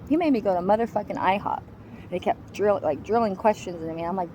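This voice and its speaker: A woman's voice: mid-range voice, quick pace, mellow, muffled recording, a little hiss or hum. A woman giving a raw, personal account of surviving an attack, in a blunt and heavily profane way. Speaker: survivor telling her story.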